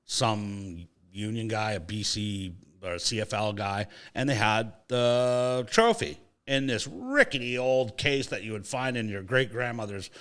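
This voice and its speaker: A man's voice: fairly low pitch, unhurried, few pauses, clear, resonant tone. A man hosting a sports podcast, telling a casual anecdote with swearing and acted-out quotes. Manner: animated, swearing, acts out voices in anecdotes. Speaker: podcast host. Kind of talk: casual storytelling chat.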